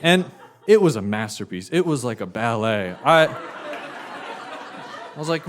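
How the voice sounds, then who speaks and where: A man telling a funny personal story live, animated and wry, building comic tension. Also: medium pitch, measured pace, long pauses, a little hiss or hum.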